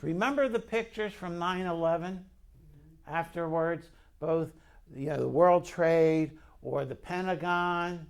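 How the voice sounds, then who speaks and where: A pastor delivers a conversational sermon in a slow, unhurried way. His voice sits a little high and has a gravelly edge. He tells the story and keeps asking the congregation questions.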